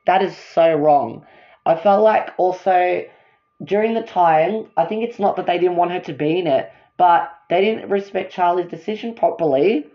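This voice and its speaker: A woman's voice: lowish voice, muffled recording. A woman ranting as a fan vlogger, worked up, repeating herself and apologizing for getting upset. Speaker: fan vlogger ranking songs.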